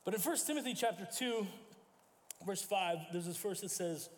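A man's voice: sits high, expressive, normal speed, big-room sound. A man preaching a sermon as pastor, telling stories and acting out quoted voices. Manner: storytelling with acted quotes and self-corrections. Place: church sanctuary.

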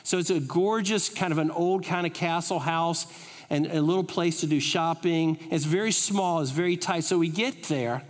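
A middle-aged man preaching a sermon full of funny personal stories, with an animated delivery. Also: on the high side, normal speed. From United States. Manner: animated, humorous storytelling. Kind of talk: storytelling sermon. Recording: reverberant hall.

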